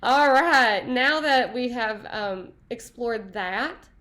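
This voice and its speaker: A woman teaching a Spanish class, upbeat and playful, praising answers and breaking into quick asides. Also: on the high side, expressive, fairly bright tone. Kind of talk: classroom lesson.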